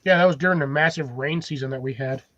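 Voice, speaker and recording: A man's voice: fairly high pitch, quick pace, fairly bright tone, no echo, highs cut off. A man co-hosting a casual podcast chat, blunt and offhand in the way he talks. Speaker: co-host.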